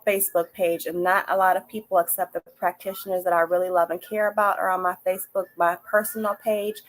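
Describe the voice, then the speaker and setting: Speaking fairly quickly with a flat delivery and a fairly low pitch, an older woman gives oracle card readings on her live stream podcast. She addresses viewers directly, warmly and emphatically, with repeated, encouraging phrases, and the audio is poor.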